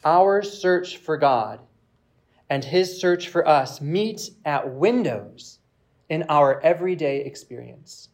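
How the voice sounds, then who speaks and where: A man preaching, reading a reflective passage aloud in a measured way with pauses. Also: fairly high pitch, lively intonation. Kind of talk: sermon with read-aloud passage.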